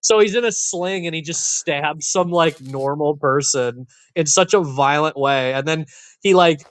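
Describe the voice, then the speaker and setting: A young man with a fairly high voice talks through a film on a podcast, retelling one scene after another. He jumps into the characters' lines as he goes, in a relaxed chatty way. The recording is dry and close, with no room sound. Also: a little slow, no room sound. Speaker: podcast co-host. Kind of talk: casual chat.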